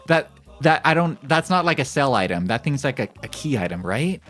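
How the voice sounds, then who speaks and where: A man's voice: medium pitch, big pitch swings, a little fast, few pauses, a bit bright, faint music behind. A male streamer giving casual, joking commentary while playing a game, rambling and reading game text aloud. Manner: repeats phrases in shifting voices.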